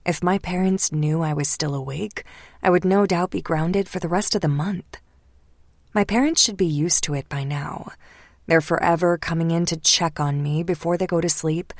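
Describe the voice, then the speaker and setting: A woman reading a first-person romance audiobook, hushed and slipping into whispers at tense moments. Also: fairly low pitch, dry recording, clean studio sound. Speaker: audiobook narrator.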